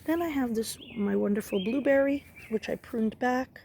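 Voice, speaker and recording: A woman's voice: a little high, moderate pace, gravelly, a little mellow, slight background noise. A woman giving a rambling, casual tour of her backyard garden outdoors, filming on a phone as she walks. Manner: chatty, rambling, many ums and restarts.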